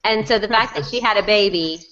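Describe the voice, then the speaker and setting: Bright-voiced woman chatting on a podcast. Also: medium pitch. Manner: chatty, jokey, quick asides. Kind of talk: casual chat. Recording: dull lo-fi recording.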